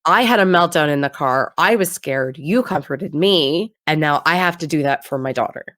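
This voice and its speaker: A woman in a casual chat, recapping an episode with lively, acted-out quotes and frequent laughs. Her voice sits on the lower side and sounds dry and close, with no room around it. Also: moderate pace, dry recording. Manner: animated retelling, acting out quotes with laughs. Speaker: podcast co-host.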